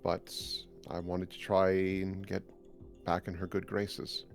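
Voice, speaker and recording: A man voicing a guilt-ridden, earnest woman in a tabletop game. He speaks haltingly, with many pauses and ums. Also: low voice, completely flat delivery, gravelly, darkish tone, soft background music, exaggerated voice. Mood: regretful. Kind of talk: tabletop role-play in character.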